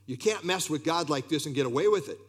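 A man preaching an earnest expository sermon, reading scripture aloud and often pausing with "uh". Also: fairly high pitch, animated. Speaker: pastor.

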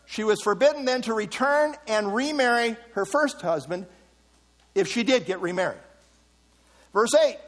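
A man giving a measured, explanatory Bible teaching, pausing often with "uh" as he works through a passage. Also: high-pitched. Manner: measured, explanatory, with frequent "uh" fillers. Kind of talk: sermon-style Bible teaching. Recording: long hall reverb.

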